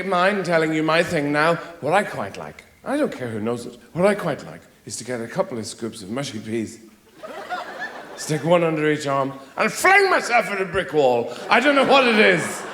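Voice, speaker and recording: Sardonic Irish man, swooping high voice. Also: very animated, moderate pace, a bit bright, roomy sound, slight background noise. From Ireland. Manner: rambling, sardonic, mock-exasperated asides. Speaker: stand-up comedian. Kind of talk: stand-up routine. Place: theater stage.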